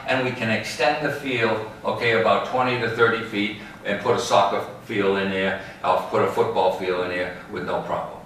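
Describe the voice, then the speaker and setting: A man's voice: fairly low pitch, steady tone, normal speed, hardly any pauses, a bit bright. A man guiding a ballpark tour, telling stories and tagging his lines with "all right?" and "okay?". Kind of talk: guided tour talk. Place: outdoors in a large ballpark. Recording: very echoey, distant mic, faint background noise.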